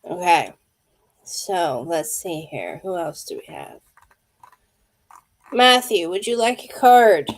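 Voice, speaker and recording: A wheezy woman in her fifties hosts a live tarot reading, speaking intuitively and calling out viewers by name. Her voice sits low and her pace is slow and deliberate. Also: expressive. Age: 50s. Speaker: tarot card reader. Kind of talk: live-streamed card reading.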